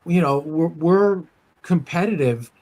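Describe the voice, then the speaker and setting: A man's voice: on the high side, a little slow, warm tone. A man from the United States hosting a coin dealer podcast, talking casually with many fillers and restarts. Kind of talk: casual shop talk podcast.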